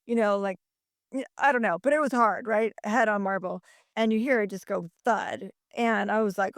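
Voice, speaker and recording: A woman's voice: a little high, moderate pace, no echo, clean studio sound. A middle-aged woman on a podcast, telling a story in a chatty way with many fillers and small laughs. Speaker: podcast co-host. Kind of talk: casual chat.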